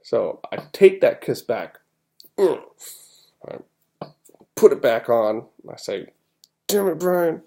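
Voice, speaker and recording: A man's voice: mid-range voice, sing-song, slow, vocal fry, pauses often, mellow. A man hosting a podcast, giving his football picks in a casual, rambling way with an exasperated fan's restarts. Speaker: podcast host. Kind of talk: casual sports-picks talk.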